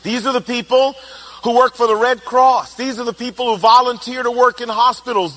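High, bright-voiced humorous male speaker. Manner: animated storytelling, playful, acts out quotes. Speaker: speaker on personality types. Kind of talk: humorous talk to an audience.

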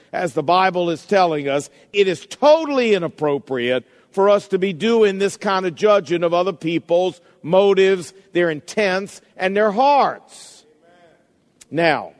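A middle-aged man preaching a sermon with deliberate emphasis and rhetorical questions. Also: sits high. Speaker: pastor. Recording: long hall reverb.

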